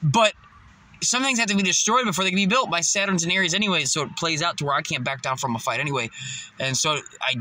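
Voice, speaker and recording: A young man casually telling a personal story, swearing constantly and getting loud and emphatic as he goes. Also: on the high side, fast. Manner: swears constantly, animated, gets loud and emphatic when recounting confrontations.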